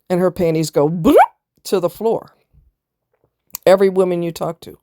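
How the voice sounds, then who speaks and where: A woman's voice: mid-range voice, warm tone, dry recording, clean studio sound. A woman vlogger giving blunt, preachy casual commentary, firing off rhetorical questions and answering them herself.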